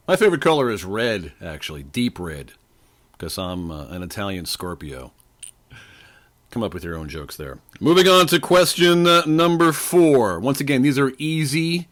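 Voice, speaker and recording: A man, hosting a casual trivia podcast, rambling and joking straight to his listeners. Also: lowish voice. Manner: stops to sip water between questions.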